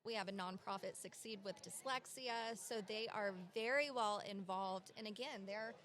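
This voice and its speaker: A woman's voice: mid-range voice, moderate pace, fairly bright tone. A woman with a Southern US accent, chatting enthusiastically as a guest at a conference interview. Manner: enthusiastic, laughs often. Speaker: company representative guest.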